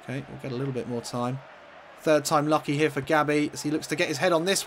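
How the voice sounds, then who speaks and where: This gaming commentator talks fast in a fairly high, steady, rather bright voice, with slight hiss or hum audible. He narrates his own football game like a mock sports broadcaster, flaring into fits of exasperation.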